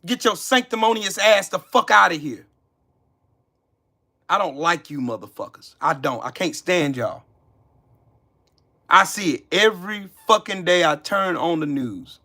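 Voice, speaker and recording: Male channel host, heated accusatory rant, repetitive and profane, tense bright edge. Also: sits high, lively intonation, unhurried, long pauses. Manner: heated, cursing, accusatory, repeating lines. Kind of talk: angry profane rant to camera.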